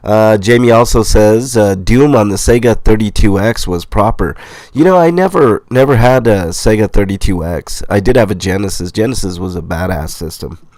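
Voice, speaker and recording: A middle-aged man with a stuffy, nasal voice from a cold, casually reading viewer comments aloud as a livestream host, relaxed and rambling. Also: lowish voice, moderate pace, dry recording. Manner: relaxed, rambling, with fillers and laughs. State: sick, congested nasal voice.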